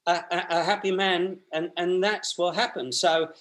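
This is a man in his sixties, speaking as a guest in an interview. His voice sits a little high for a man. He talks in a loose, colloquial storytelling way, with frequent restarts and repeated words. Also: steady tone, normal speed, a bit bright. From Australia.

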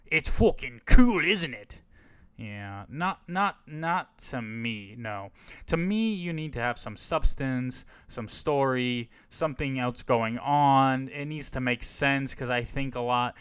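A man's voice: medium pitch, slow, a bit bright, clean tone, no room sound. A man hosting a podcast, giving a casual, rambling and frank movie review on a close mic. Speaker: podcast host.

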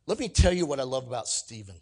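A man preaching a sermon, energetic and emphatic, swinging from loud exclamations to quiet asides and acting out quoted lines. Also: medium pitch, fast. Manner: acts out quoted voices and jokes with the congregation. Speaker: pastor.

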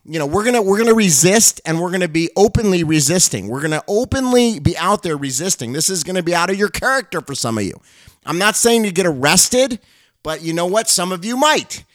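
A man's voice: sits high, big pitch swings, brisk, a bit bright, no echo. A middle-aged male pastor and show host giving an urgent, impassioned monologue that turns into fervent prayer.

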